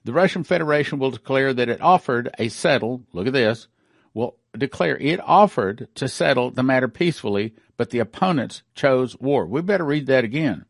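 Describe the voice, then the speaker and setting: A man's voice: mid-range voice, lively intonation, moderate pace, gravelly, dry recording, clean studio sound. A middle-aged man giving emphatic news commentary with a prophetic bent, repeating and rereading his points.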